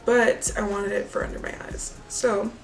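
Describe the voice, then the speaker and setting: A woman vlogging casually about makeup, telling a story in a chatty, animated way and acting out the people in it. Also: mid-range voice, moderate pace, recorded from a distance, music in the background, rough recording. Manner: chatty, animated storytelling, acts out quoted voices. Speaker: beauty vlogger.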